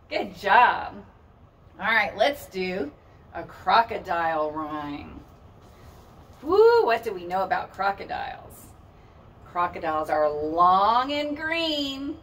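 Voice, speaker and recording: A woman's voice: medium pitch, very animated, takes it slowly, a bit bright, far from the mic, a little hiss or hum. A woman leading a children's storytime as a librarian, singing rhymes in a sing-song, playful way and roaring with the kids.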